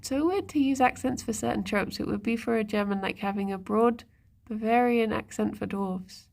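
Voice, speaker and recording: A woman's voice: a little high, moderate pace, vocal fry, a little mellow, slight background noise. A woman streamer in casual live-stream chat, musing aloud and talking to her viewers and pets. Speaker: livestreamer.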